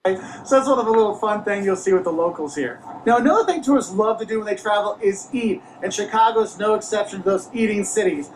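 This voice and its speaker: A man with a notably high voice lays out travel tips in a measured, explanatory way. A faint room ambience sits underneath. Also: a little hiss or hum, low-quality recording. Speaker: co-host. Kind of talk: casual travel chat.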